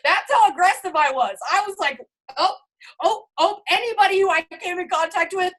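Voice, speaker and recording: A woman's voice: very high-pitched, normal speed, a bit bright, low-quality recording. A woman who leads a network marketing team gives a hyped, emphatic pep talk over a video call, talking straight to her listeners.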